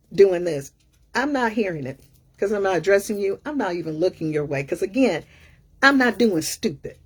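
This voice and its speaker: A middle-aged woman coach telling a story in a casual, animated, sassy way. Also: mid-range voice, husky. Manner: animated, sassy, acts out other people's lines. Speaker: career coach.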